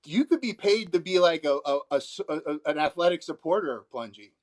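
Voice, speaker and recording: A man's voice: fairly high pitch, animated, brisk. Rambling, easily amused man. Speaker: bubble performer and puppeteer. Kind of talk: casual video chat.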